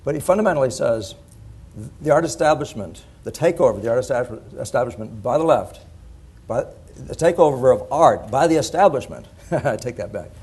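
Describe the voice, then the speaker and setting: A middle-aged man giving a conference talk in an animated, digressive way, laughing at his own points. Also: mid-range voice, husky. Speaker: conference speaker. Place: conference hall.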